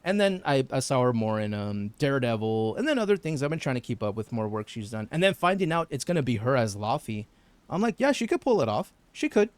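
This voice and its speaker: A man's voice: medium pitch, very animated, fast, clean tone, no room sound. A man streaming a game, chatting casually and joking, laughing often. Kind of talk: casual live-stream chat.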